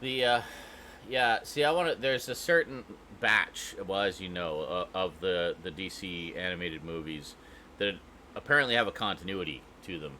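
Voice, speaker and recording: A man co-hosts a podcast with a very deep yet bright, forward voice, chatting with eager enthusiasm and laughing often. A faint hum runs beneath him. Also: moderate pace. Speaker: podcast co-host. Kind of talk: casual chat.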